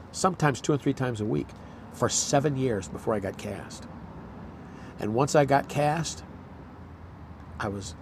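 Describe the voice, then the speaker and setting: An older actor in a casual chat, telling rambling anecdotes and acting out quotes. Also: male voice, medium pitch, a little mellow, a little hiss or hum. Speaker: actor, guest.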